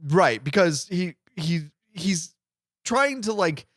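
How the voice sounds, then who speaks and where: A man chatting casually as a podcast co-host, rambling along and acting out the lines he quotes. His pitch sits a touch high and swings widely. The sound is dry and close. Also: slow, dry recording. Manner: rambling, animated, acts out quotes.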